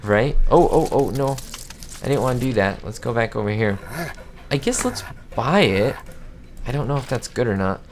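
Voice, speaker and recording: A man giving excitable, easily amazed commentary as he plays a video game. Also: medium pitch, moderate pace, a little hiss or hum. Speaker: gamer.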